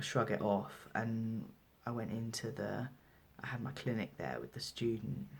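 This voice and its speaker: A man's voice: medium pitch, creaky. A young trans man, a midwife, telling a personal story casually to camera, hesitant, with many fillers and restarts. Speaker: midwife and vlogger.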